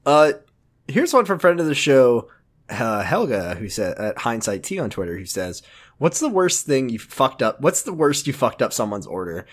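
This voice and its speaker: A young man co-hosting a podcast in casual chat. He tells animated, expletive-laden stories about old jobs. His pitch sits in an ordinary middle range. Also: moderate pace. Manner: animated, swearing storyteller. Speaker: podcast co-host.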